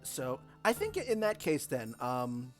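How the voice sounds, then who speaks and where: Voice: medium pitch, wildly swooping pitch, slow, soft background music. A streamer hosting an online board game night, cheerful and playful as they welcome and chat with players. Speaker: streamer and host.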